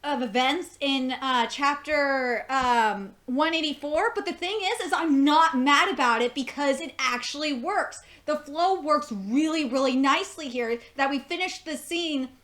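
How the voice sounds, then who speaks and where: A woman's voice: high-pitched, measured pace, hardly any pauses, fairly bright tone. A young woman reviewing an anime episode in casual chat, gushing and swearing a lot, often restarting her sentences.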